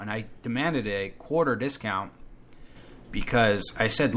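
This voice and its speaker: A man telling a comic story about himself in a profane, animated rant, acting out his own outbursts. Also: lowish voice, slow pace, long pauses. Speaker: podcast storyteller. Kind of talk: comedic first-person rant.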